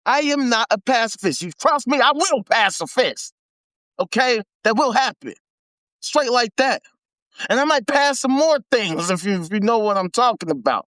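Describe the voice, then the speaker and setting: An American man hosts a live stream, ranting in a casual, animated, heavily profane and slangy way and often repeating himself for emphasis. His voice is very high, his pace moderate, and the recording dry.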